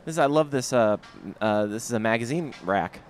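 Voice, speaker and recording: A man's voice: medium pitch, animated, faint music behind. A man co-hosting a podcast, chatting casually and jokily as he walks along a busy city street. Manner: jokey, quick to object. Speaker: podcast co-host.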